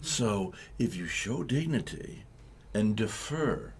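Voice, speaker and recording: A man's voice: fairly low pitch, slow pace, creaky, slight background noise. A man hosting live morning talk radio, telling rambling stories and acting out the voices of the people in them. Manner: rambling, animated storytelling with acted-out quotes. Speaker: radio talk show host.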